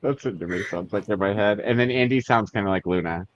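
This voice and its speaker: A man co-hosting a casual book club livestream, playful and quick to laugh. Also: on the low side, dull audio. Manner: playful, laughs often, slips into silly voices. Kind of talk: casual chat.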